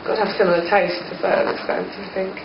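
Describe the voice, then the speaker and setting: In a casual interview, a woman in a band muses hesitantly, often saying "kind of." She talks rapid-fire in a gravelly, medium-pitched voice with little pitch movement, on an old recording that is muffled, noisy, and echoey.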